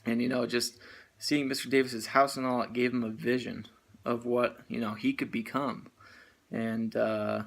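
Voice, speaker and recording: A man's voice: mid-range voice, flat delivery, moderate pace, vocal fry. A man casually recapping a book chapter and giving motivational advice, rambling with lots of "you know" and "uh". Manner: earnest, motivational. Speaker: network marketing business owner.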